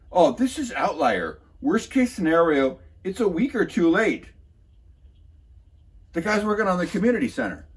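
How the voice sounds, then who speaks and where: Husky man giving a wry meeting recap. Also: sits high. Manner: mocking and wry, hesitant with many filler sounds. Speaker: local political commentator. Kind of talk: sarcastic recap of a city council meeting.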